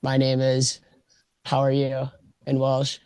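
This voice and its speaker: A man, chatting casually as a guest on a podcast, easygoing and quick to laugh. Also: mid-range voice, monotone, a little mellow, smooth, no room sound. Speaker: hockey player guest.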